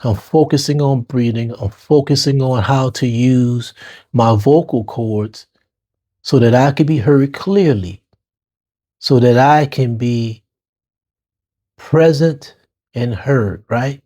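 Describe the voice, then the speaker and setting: A middle-aged man with a New Orleans accent tells his own story, talking to his listeners as "y'all". His phrasing is casual and full of street slang, and his voice sits at a medium pitch. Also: takes it slowly, pauses often, mellow. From New Orleans, Lower Ninth Ward. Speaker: podcast host. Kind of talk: personal storytelling monologue.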